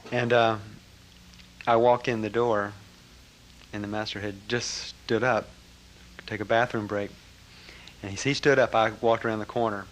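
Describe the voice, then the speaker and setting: A man telling a personal story to an audience, animated, with frequent laughter and trailing fillers. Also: fairly low pitch, normal speed, pauses often, slight background noise. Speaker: speaker recounting a memory. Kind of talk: personal anecdote to a live audience.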